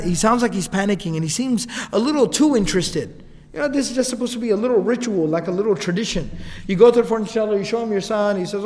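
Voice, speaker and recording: A man's voice: high voice, in a large hall. A man telling a story as a casual lecture, acting out the quoted lines. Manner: animated, acts out quotes, casual asides.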